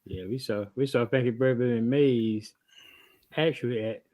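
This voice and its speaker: A man's voice: mid-range voice, steady tone, normal speed, muffled recording. A man co-hosting a podcast, chatting in an easygoing way with brief replies. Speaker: podcast co-host. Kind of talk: casual chat.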